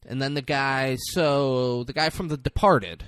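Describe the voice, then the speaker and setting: A man co-hosts a podcast in a relaxed, profane chat. He recaps a film with lively retelling. His voice sits at a mid pitch, and the recording is dry and close. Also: smooth, dry recording. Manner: profane, animated retelling with quick quoted lines. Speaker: podcast co-host.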